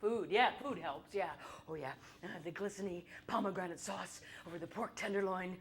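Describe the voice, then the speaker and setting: A middle-aged woman performing an autobiographical stage monologue, telling her story with wry, irreverent humor and crude asides, and briefly acting out her own past voice. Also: lowish voice. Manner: acts out her own past voice in quick bursts. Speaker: solo show performer. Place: theater stage.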